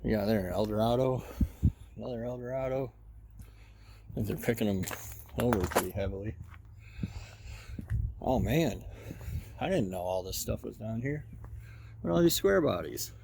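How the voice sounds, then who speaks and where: A man's voice: lowish voice, moderate pace, creaky, long pauses, background noise. A man giving casual walk-around commentary at an outdoor junkyard, muttering running remarks to himself as he browses. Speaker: car hobbyist vlogger.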